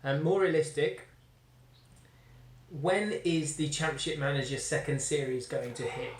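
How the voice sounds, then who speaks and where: A man's voice: fairly high pitch, steady tone, a little slow, roomy sound, far from the mic. A man asking a question with enthusiasm, chuckling as he recalls favourite bits.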